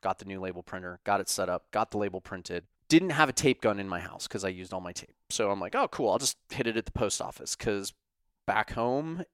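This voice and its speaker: Guy ranting thru a story, swears a lot, sarcastic, smooth clear voice, pretty dry sound. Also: lowish voice, fairly quick, no room sound. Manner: profane, sarcastic, animated. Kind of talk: casual storytime rant.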